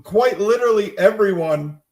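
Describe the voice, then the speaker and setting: A man's voice: high voice, animated, moderate pace, a little mellow. A man co-hosting a podcast, chatting casually and making fun of himself. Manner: joking, self-mocking. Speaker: podcast co-host. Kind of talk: casual chat.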